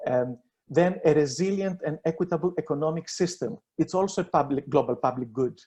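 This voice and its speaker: Earnest halting man presenting a proposal. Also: fairly high pitch, dark tone. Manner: earnest, halting, many fillers and restarts. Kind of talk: online debate presentation.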